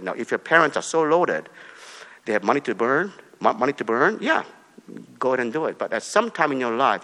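A Korean-born male pastor preaches with a bright, forceful tone. His pitch leaps about as he hammers home short commands, and a long hall reverb trails behind every phrase. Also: big pitch swings, moderate pace. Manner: emphatic, repeats short commands, swings between soft and loud. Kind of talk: preaching a sermon.

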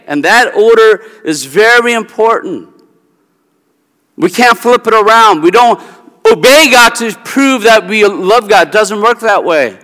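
A man preaching a sermon with a high, bright and forceful voice. He teaches emphatically, laying out his points step by step. The sound carries a long reverb from a large hall. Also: expressive, a little slow. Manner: emphatic teaching with logic examples. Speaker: pastor.

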